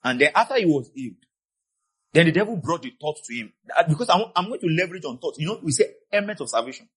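A man preaching a sermon with passion. He swings between quiet asides and shouted peaks, and he repeats key phrases for emphasis. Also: on the high side, expressive, fast, husky. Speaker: pastor.

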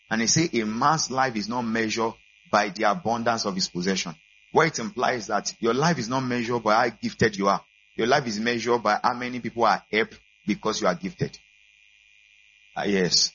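A man, a pastor giving a sermon to his church and building to loud preaching. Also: husky. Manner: builds from calm welcome to loud, high-pitched preaching. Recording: dull lo-fi church recording.

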